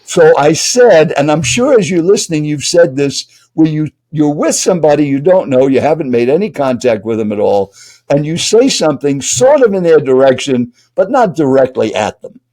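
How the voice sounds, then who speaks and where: A man's voice: fairly high pitch, sing-song, normal speed, warm tone. An older man, a speaking coach and guest, telling a dramatic story while speaking directly to the listener. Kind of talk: animated storytelling.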